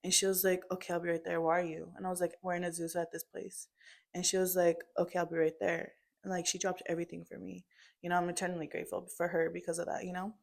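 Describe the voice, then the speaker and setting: A young woman recounts a family story in loose, casual conversation, her voice sitting a little low. She talks in a chatty way, stringing thoughts together with plenty of "like" and "um.". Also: flat delivery, fast, creaky, darkish tone. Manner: chatty, full of "like" and "um" fillers. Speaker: daughter telling her story.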